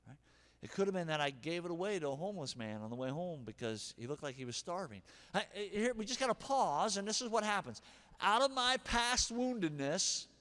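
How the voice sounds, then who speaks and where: High-voiced animated preacher in a reverberant hall. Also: male voice. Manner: animated, acts out angry and gentle examples. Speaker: pastor. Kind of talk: sermon.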